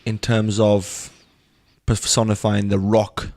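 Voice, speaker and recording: A man co-hosting a podcast debate, chatty and quick to jump in, playing devil's advocate. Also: on the low side, monotone, a little mellow, no echo, studio quality. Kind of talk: casual debate chat.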